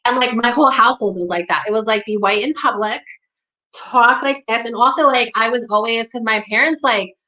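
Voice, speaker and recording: A young woman from the New York area speaking candidly in conversation, blunt and profane, with a steady stream of "like" and "you know". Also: fairly high pitch, quick pace, few pauses, rough recording. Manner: blunt, profane, heavy use of "like".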